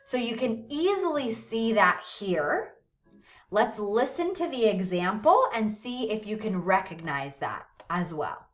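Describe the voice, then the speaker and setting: Slow, patient woman teacher, lively pitch. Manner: patient, checks in often with "right?" and "okay?"; slows down to model pronunciation of words. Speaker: English teacher. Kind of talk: recorded classroom lesson. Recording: dull lo-fi recording.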